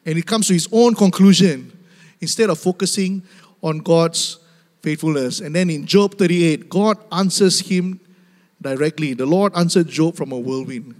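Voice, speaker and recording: Male preacher, high voice, emphatic and repetitive, addresses his church directly, long hall reverb. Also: normal speed, a little mellow. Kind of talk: sermon.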